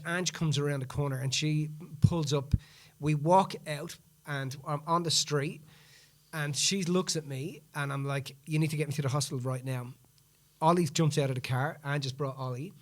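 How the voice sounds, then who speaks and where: Animated storytelling man, slightly high voice. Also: normal speed. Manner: animated, acts out quoted speech in the retelling. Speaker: podcast host. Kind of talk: casual storytelling chat.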